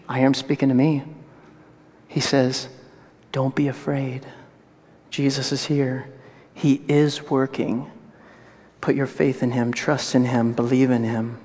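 A male pastor preaching a sermon, moving from hushed, tender passages to loud, animated storytelling. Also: medium pitch. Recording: long reverb of a large hall.

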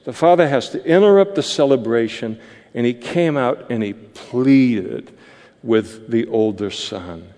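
Slow-speaking male preacher in a reverberant hall. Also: medium pitch, lively intonation, dark tone. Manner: conversational, explanatory. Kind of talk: verse-by-verse sermon.

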